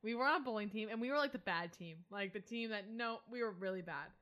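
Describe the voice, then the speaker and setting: Bright, emphatic young woman chatting. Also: mid-range voice, quick pace. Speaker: podcast co-host. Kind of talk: casual chat.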